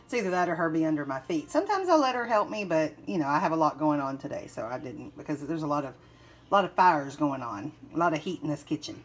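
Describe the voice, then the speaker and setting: A woman's voice: low-pitched, expressive, fast, breathy edge. Chatty woman cooking at home. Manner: chatty, rambling, laughs often. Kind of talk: casual cooking vlog. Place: home kitchen.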